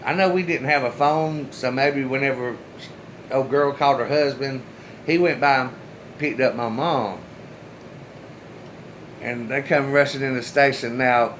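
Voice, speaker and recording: A man's voice: mid-range voice, a little slow, a bit bright, a little hiss or hum, low-quality recording. A man casually telling a personal story straight to his viewers, loose and chatty, with the odd swear word. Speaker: storyteller, channel host.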